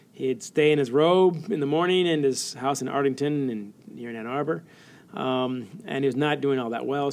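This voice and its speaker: A middle-aged American man telling stories as a guest in an interview, animated and laughing often while he acts out quotes. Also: mid-range voice, gravelly. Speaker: author guest. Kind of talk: storytelling interview.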